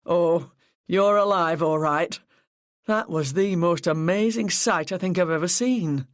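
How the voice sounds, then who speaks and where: A narrator doing a brisk senior male police officer. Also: medium pitch, dry recording, clean studio sound, lightly acted. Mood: relieved.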